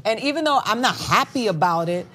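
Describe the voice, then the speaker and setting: A woman in casual chat, talking in a lively, expressive way. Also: mid-range voice, brisk. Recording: faint background noise.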